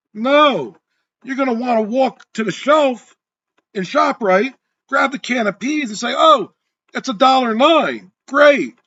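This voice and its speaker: A man's voice: high-pitched, a bit bright, slightly rough, lo-fi sound. A man hosting a real estate podcast, telling a story as a monologue and acting out both sides of a heated argument.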